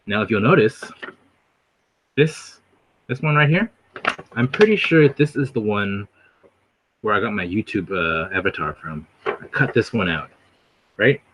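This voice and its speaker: A man's voice: fairly low pitch, measured pace, pauses often, husky. A man chatting casually on a livestream, rambling and hopping from one thing to the next. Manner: rambling, animated, jumps between topics. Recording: dull lo-fi recording.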